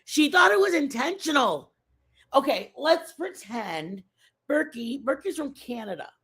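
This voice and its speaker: A woman's voice: high-pitched, very animated, unhurried, fairly bright tone. A woman hosting a casual livestream, chatting with viewers in a rambling, repetitive way. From Mexican family background. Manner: rambling, chatty, repeats herself. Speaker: livestream host. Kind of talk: casual chat with live viewers.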